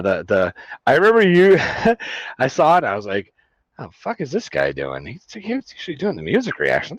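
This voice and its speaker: A man telling a story in casual chat, swearing often and breaking into loud laughs. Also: deep voice, dry recording. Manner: profane storytelling, laughs loudly.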